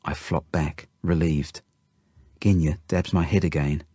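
A man reading a children's novel aloud in first person, with steady, intimate delivery. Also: extremely low pitch, a little slow, breathy edge, dry recording, clean studio sound. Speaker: audiobook narrator. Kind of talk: first-person storybook narration.

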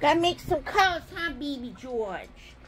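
A woman's voice: sits high, very animated, measured pace. A woman making a playful home video, cooing and sing-song as she plays pretend with toys and pets. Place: home, indoors. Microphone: phone camera. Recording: noisy home phone recording.

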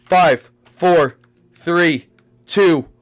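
A young man commentating a game. He repeats his phrases again and again, and swings from hushed muttering to panicked shrieks. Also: on the high side, drawn-out words. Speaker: gameplay commentator.

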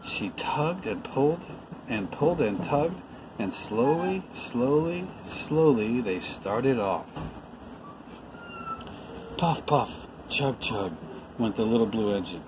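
A man reading a children's picture book aloud, expressive and lively. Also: medium pitch, slow, noisy background. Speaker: read-aloud reader.

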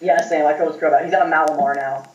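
A man doing casual let's-play commentary as a gaming video host, rambling and breaking into loud excited outbursts. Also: on the high side, quick pace. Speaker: gaming YouTuber. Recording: echoey, distant, dull mic.

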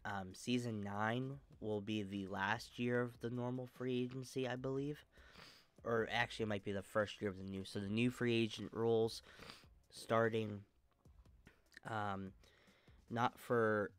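A young man hosting his own channel, talking casually about a sports video game franchise in a stuffy, monotone voice, rambling with many fillers and restarts. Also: clear, resonant tone, no room sound. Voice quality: monotone, low energy. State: stuffy nose. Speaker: channel host.

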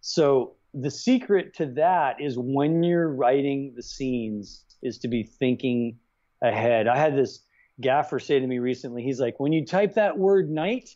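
A man's voice: medium pitch, measured pace. A middle-aged man, a writer-director guest, chatting in an interview and acting out quoted dialogue as he tells stories. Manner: animated, acts out quoted dialogue. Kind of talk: casual interview storytelling. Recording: dull lo-fi sound.

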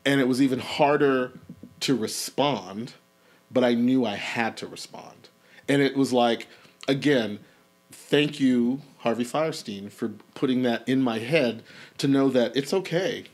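A man talking as a podcast guest, an animated storyteller who acts out the voices he quotes. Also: medium pitch, unhurried. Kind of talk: casual interview.

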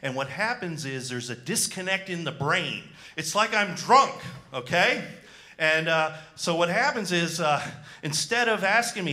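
A man doing a stand-up comedy set on a club stage, self-deprecating and animated, talking into a handheld mic with frequent fillers. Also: sits high, a little slow.

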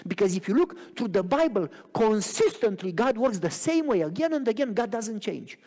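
Animated preaching man in a reverberant church. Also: sits high, moderate pace. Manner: animated preaching with frequent rhetorical questions. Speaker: pastor. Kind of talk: sermon. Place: church sanctuary.

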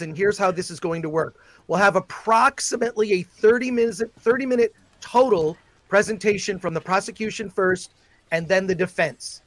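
A man's voice: high voice, a bit bright, dry recording. A man hosting a livestream as a mock judge. He speaks formally, like a judge, with frequent fillers, over a video call. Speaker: host presiding as mock judge. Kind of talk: mock-formal courtroom role-play on a livestream.

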